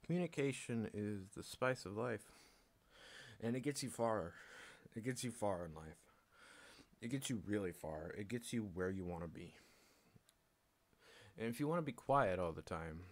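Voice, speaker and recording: Alone on a stream, a man with a lowish, expressive voice delivers a casual rant at a moderate pace, pausing often. He's blunt and profane, laughs a lot, and performs both halves of the conversations he recounts.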